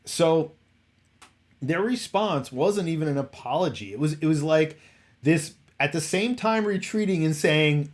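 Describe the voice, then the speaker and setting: A man's voice: fairly high pitch, lively intonation, a little slow. A man hosting a casual commentary stream, rambling and exasperated, often restarting his sentences. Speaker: host.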